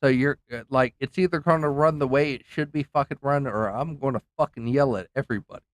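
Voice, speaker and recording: A man's voice: mid-range voice, fast, no echo. A man streaming a game, telling a rambling story in a heated, profane way, with many restarts. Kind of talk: casual ranting story while gaming.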